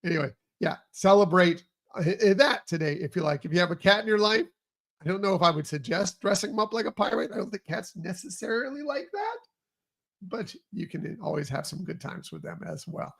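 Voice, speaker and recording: A man's voice: high-pitched, expressive, brisk, gravelly, fairly bright tone. A man hosting a morning podcast in upbeat, rambling casual chat. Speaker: podcast host.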